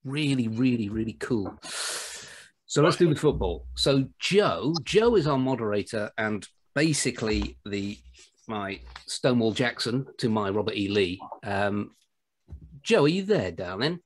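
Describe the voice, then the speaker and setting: A British man hosting a podcast, telling anecdotes in an animated, jokey way. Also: fairly low pitch, unhurried, slight background noise. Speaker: podcast host. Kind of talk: casual storytelling chat.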